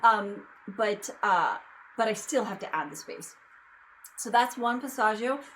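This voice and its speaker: A woman's voice: mid-range voice, lively intonation, unhurried, fairly bright tone, a little hiss or hum, rough recording. Chatty woman vocal coach. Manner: chatty, loose explanations with many fillers and asides. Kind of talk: casual singing lesson.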